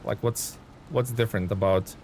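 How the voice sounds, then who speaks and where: A man's voice: on the low side, steady tone, normal speed, darkish tone, a little hiss or hum. A man live-streaming a truck game, chatting to viewers, thanking them and thinking aloud with ums and chuckles. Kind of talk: live gameplay stream commentary.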